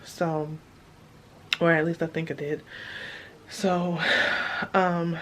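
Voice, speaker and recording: A woman's voice: on the low side, flat delivery, takes it slowly, slight background noise. A woman chatting casually through a vlog update, with lots of fillers. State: out of breath. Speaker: vlogger. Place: car, then hospital room.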